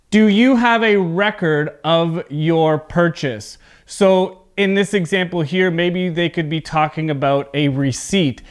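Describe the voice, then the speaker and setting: A man gives an English pronunciation lesson with a slightly raised pitch and very slow pacing. His voice is smooth and crisp, and he enunciates carefully, repeating each word so students can copy it. He sounds like a teacher recording a lesson for video.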